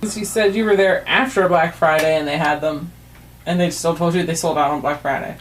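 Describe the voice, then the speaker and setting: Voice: medium pitch, fairly even intonation, brisk. An off-camera companion making dry teasing asides in casual banter.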